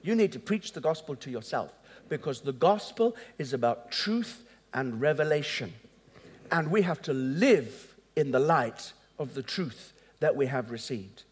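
Long hall reverb fills this recording of a pastor in a large church hall, who preaches conversationally, chuckling at his asides and voicing both sides of dialogues. His mid-range voice is husky, expressive, and unhurried.

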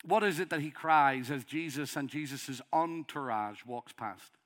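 A middle-aged man with a Northern Irish accent delivers a sermon in a high, bright voice. He preaches with passion and swells into loud, pleading calls. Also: a little slow. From Northern Ireland.

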